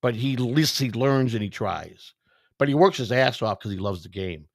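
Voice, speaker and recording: A man shares a profane personal story during a relaxed sit-down chat indoors, voicing what other people said. He speaks at normal speed in a mid-range, creaky voice with lively intonation. The audio is clean studio sound without echo.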